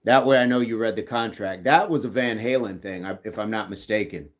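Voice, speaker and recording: A man's voice: lowish voice, brisk. A middle-aged man hosting a livestream, reading chat messages aloud in a casual, joking way and laughing often.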